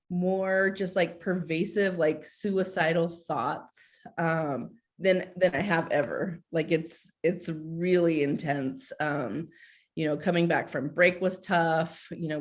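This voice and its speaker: Social worker lady in her 40s on a video call, candid and heartfelt, kinda low voice, lots of likes. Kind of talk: casual video-call presentation.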